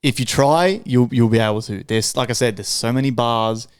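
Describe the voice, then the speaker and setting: An Australian man talking loudly and swearing freely, with jokey banter, as a guest on a podcast. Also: mid-range voice, normal speed, clear, resonant tone, no room sound, clean studio sound. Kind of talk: casual podcast chat.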